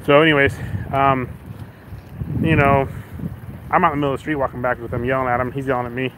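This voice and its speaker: Against background noise, a fast-talking man with a mid-range voice spins a casual story for his vlog. He voices every character himself with shouted lines, laughing frequently along the way.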